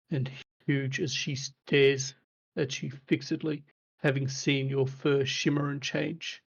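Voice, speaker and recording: A man narrating as game master in a relaxed, descriptive way. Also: a little high, creaky, husky, highs cut off.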